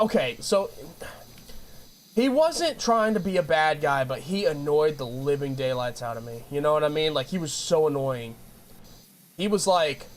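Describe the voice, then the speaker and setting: A man's voice: fairly high pitch, a little hiss or hum. A man streaming and chatting with his viewers, ranting in a rambling way with lots of restarts. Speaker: game streamer. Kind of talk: casual chat with stream viewers.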